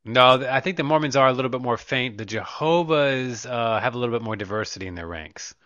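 A man's voice: medium pitch, fast talker, a bit bright, no room sound, muffled recording. A man co-hosting a podcast, telling rambling stories in crude, casual chat. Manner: profane, rambling storyteller. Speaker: podcast co-host.

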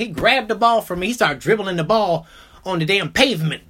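A young man hosting a podcast, telling a comedic story casually, full of swearing, dropping into mumbled asides and jumping up into loud outbursts. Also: high voice, brisk, husky. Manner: animated, profane, jumps between mumbling asides and loud outbursts. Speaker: podcast host.

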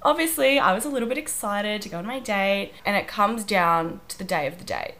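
A woman's voice: medium pitch, a little fast, fairly bright tone. Sick young woman chatting, wheezy. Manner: chatty, giggly storytelling. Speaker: podcast co-host. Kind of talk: casual chat.

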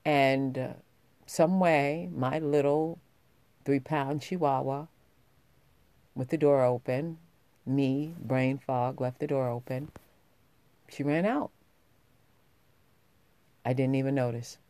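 A woman's voice: rumbling low, steady tone, takes it slowly, pauses often, warm tone, clean tone, no echo. A woman vlogging, telling a personal story in a heartfelt, rambling way with many restarts, getting emotional as she talks.

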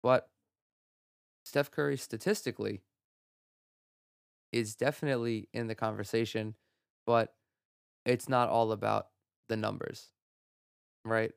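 A young man hosting a solo sports podcast from home, talking in an excitable, profane rant and laughing at his own jokes. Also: on the low side, unhurried, gravelly, pauses often, clean tone, no echo, clean studio sound. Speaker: podcast host. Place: home room.

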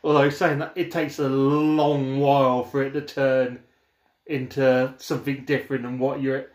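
A man's voice: mid-range voice, flat delivery, unhurried, a little mellow. A man in a casual film review chat, upbeat and enthusiastic, laughing as he talks. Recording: roomy echo.

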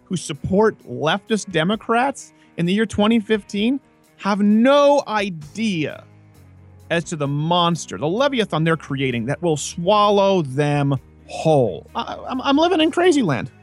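Loud sarcastic male talk show host. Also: sits high, big pitch swings, measured pace, soft background music. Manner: loud, sarcastic, swings into shouted mock voices. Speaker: podcast host. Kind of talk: comedic political talk show.

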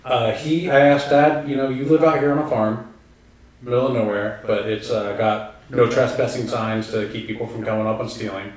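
A man hosting a casual conversation, relaxed and full of fillers. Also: mid-range voice, normal speed. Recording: echoey room, distant from mic.

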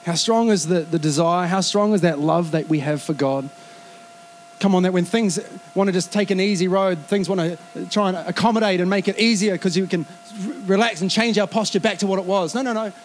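A man preaching a sermon in a lively, conversational way, acting out quoted asides. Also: sits high, normal speed, a little hiss or hum. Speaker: pastor.

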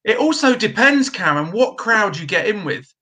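A man's voice: high-pitched, sing-song, normal speed, bright, forceful tone. A middle-aged man hosting a live stream, reading out viewer comments in a chatty, blunt way with lots of ums. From Britain. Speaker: host of a trades live stream.

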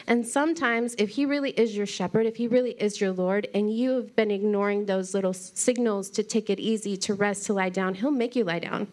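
A woman's voice: mid-range voice, moderate pace, a little mellow. A woman pastor giving a conversational sermon, telling stories in an earnest, chatty way.

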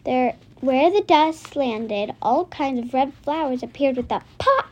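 Woman storyteller, high voice, slow careful reading, children's chapter book, small slips. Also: expressive, a little mellow, muffled recording.

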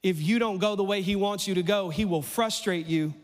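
A man preaching a sermon in a church, playful and animated, his voice climbing almost to a shout as he acts out lines. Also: sits high, brisk, in a large hall. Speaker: pastor.

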